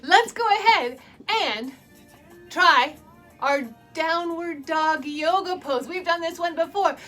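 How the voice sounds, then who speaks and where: Her very high voice has a sharp tone and takes things slowly as she runs a dance storytime for children from her home basement. She's playful and encouraging, laughs a lot, and makes animal sounds, with soft music behind her.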